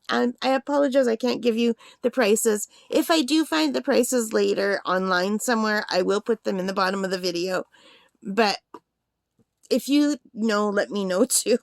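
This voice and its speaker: A woman's voice: fairly high pitch, expressive, a little fast, dry recording, clean studio sound. A woman hosting a craft channel, unboxing a gift in a casual vlog, giggly and gushing, rambling, overtired on little sleep.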